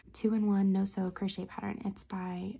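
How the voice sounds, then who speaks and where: A young woman vlogging casually about crochet, rambling with lots of fillers, her voice hoarse and half-whispered as she feels unwell. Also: mid-range voice, level tone, measured pace. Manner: rambling, filler-heavy, slips into soft whispery phrases. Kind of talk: casual vlog chat.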